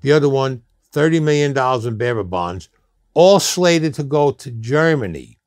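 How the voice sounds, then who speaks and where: A man tells a long story in a blunt, streetwise way at a middling pitch. The sound is dry and close. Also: animated, normal speed, darkish tone, no room sound. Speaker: interview guest. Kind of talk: storytelling interview.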